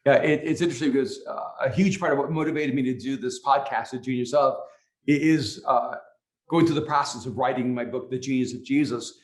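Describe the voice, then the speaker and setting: A man hosting an interview podcast who speaks reflectively, pausing and searching for words. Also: mid-range voice, reverberant. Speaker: podcast host. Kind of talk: interview conversation.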